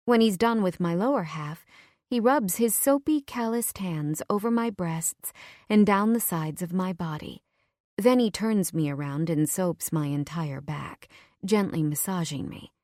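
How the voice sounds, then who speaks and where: A woman narrating a first-person romance audiobook in a soft, intimate, measured voice on a close mic. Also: on the low side, dry recording.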